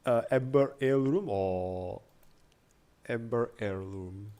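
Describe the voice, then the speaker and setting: A man's voice: lowish voice, slow, dark tone. A young man chatting casually with his stream chat, rambling with lots of fillers and restarts. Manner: rambling, many fillers and restarts, frequent laughs.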